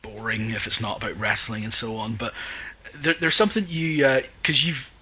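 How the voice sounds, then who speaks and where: A man's voice: mid-range voice, fairly even intonation, moderate pace, bright, forceful tone, breathy edge, low-quality recording. A man hosting a podcast, asking questions in a rambling way full of fillers. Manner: rambling, many fillers and restarts, plugs events. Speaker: podcast host. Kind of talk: casual podcast interview.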